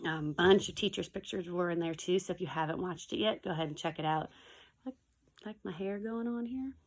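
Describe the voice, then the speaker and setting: A woman's voice: lowish voice, brisk. A woman teacher talking casually to her pupils from her home basement, chatty and digressive, reading a picture book aloud with playful animal sound effects. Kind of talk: casual video message and read-aloud for pupils.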